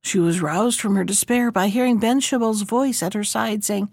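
A woman reading a fairy tale aloud in an expressive, measured storybook manner. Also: mid-range voice, no echo, clean studio sound.

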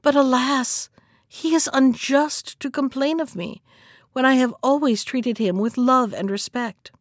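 A woman reading the part of a kind young princess who speaks gently and pleadingly. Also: sits high, fairly even intonation, a little slow, dry recording, clean studio sound. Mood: gentle.

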